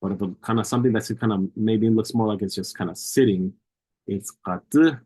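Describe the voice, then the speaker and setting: A man's voice: on the low side, a little fast, a little mellow, husky, rough recording. A man teaching a language lesson, patiently repeating each word several times to model its pronunciation.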